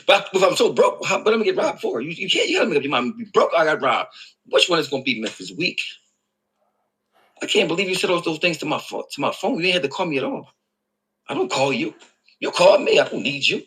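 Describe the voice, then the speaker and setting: Brief: Philly-man, sharp raspy voice, high and swooping pitch, taunting rant. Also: big pitch swings, fast, rough recording. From Philadelphia. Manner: mocking, repetitive, sarcastic. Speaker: rapper in an online feud.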